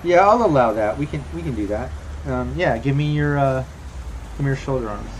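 A man's voice: mid-range voice, lively intonation, brisk, slight background noise. A man acting as game master, narrating and ruling on a tabletop game in a loose, rambling way. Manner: loose, rambling, lots of fillers.

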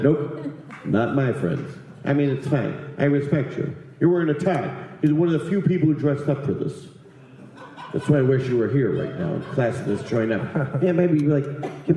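A man's voice: fairly high pitch, warm tone, heavy reverb, slight background noise, poor audio. A man doing stand-up comedy, telling a rambling, profane story and teasing audience members.

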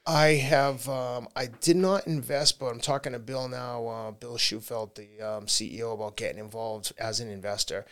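A man's voice: mid-range voice, fairly even intonation, moderate pace, hardly any pauses, a bit bright. A man, a marathon runner talking candidly as a podcast guest, laughing often. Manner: candid, laughs often, slips into quoted voices. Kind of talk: casual interview talk.

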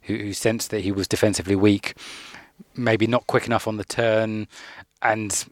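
A man on a football podcast, telling stories in a thoughtful, measured way. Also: on the low side, level tone, dry recording. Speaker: podcast pundit. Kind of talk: casual sports chat.

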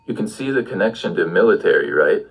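A man's voice: sits low, animated, fast talker, husky, poor audio. A man giving an audio language lesson, patiently prompting the listener with questions. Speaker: language teacher.

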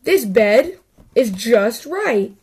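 A woman's voice: on the high side, sing-song, extremely slow, darkish tone, slightly rough, full character voice. Storybook little girl, curious and fussy, exclaiming; a woman reader does her.

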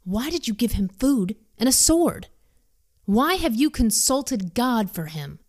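A woman's voice: fairly high pitch, very animated, unhurried, darkish tone, voice pushed up. A woman reading the lines of an angry, suspicious older male king who fires accusing questions at his men. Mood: demanding.

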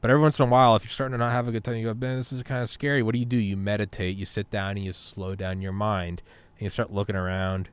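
Low-voiced man musing casually. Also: level tone, very fast, smooth. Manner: rambling, profane and philosophical. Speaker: podcast talker. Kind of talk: casual podcast chat.

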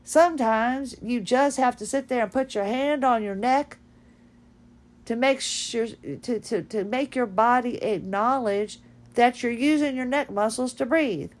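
A woman hosting a podcast in a fast-talking, folksy, animated monologue. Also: on the high side. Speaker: podcast host. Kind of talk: casual monologue.

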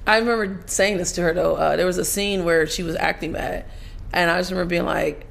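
A woman's voice: lowish voice, steady tone, fairly quick, gravelly, a bit bright. A woman guest talking candidly and profanely in a casual chat, often laughing.

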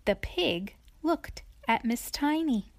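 Slow, lively woman reading a children's story. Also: on the high side, no room sound. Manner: expressive, playful, with asides to the listener.

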